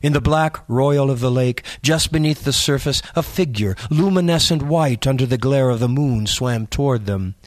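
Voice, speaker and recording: Guy narrating a creepy audiobook, slow suspense, dry close sound. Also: mid-range voice, a little mellow, no echo. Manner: measured, suspenseful reading.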